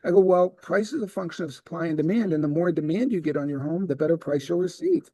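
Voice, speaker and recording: A man's voice: a little high, fast talker, dry recording. A middle-aged man giving a sales training talk, telling stories and acting out the dialogue in them. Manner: animated storyteller acting out dialogue. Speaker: real estate sales trainer.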